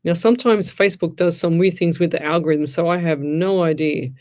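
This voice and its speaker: A woman's voice: on the low side, fairly even intonation, brisk, a little mellow. Middle-aged woman, psychic host type, rambly and frank, talks straight to her listeners. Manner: chatty, rambling, frank and blunt advice. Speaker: psychic medium radio host. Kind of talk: casual live-stream chat, reading out comments.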